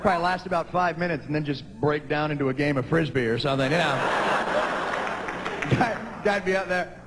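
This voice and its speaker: A man, doing a stand-up comedy routine and rising to shouted punchlines. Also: on the high side, moderate pace, heavy background noise. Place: large theater stage before a live audience. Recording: long hall reverb, audible audience.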